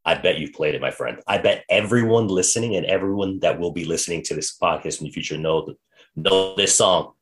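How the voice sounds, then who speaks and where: A man hosting a podcast, telling history in a casual, animated way and reading quotes aloud. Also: deep voice, a little fast, faint music behind. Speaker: podcast host.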